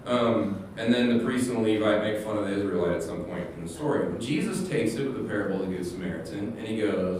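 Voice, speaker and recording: A man preaches in a loose, conversational way, restarting his sentences and acting out quick asides. He sounds set back from the microphone in a strongly echoing church hall, with a faint hum underneath. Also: deep voice. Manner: rambling, animated storytelling with many restarts and quoted asides. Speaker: pastor. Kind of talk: casual sermon. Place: church sanctuary. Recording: echoey hall, distant mic, faint hum.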